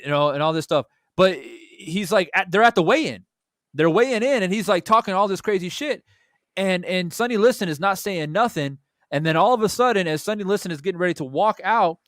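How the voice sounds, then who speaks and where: A fairly high-voiced young man hosts a boxing talk show from close to the mic in a dry room, with no echo. He tells stories in an animated way, restarts his sentences a lot and swears casually. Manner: animated storytelling with many restarts and repeated words. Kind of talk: casual chat.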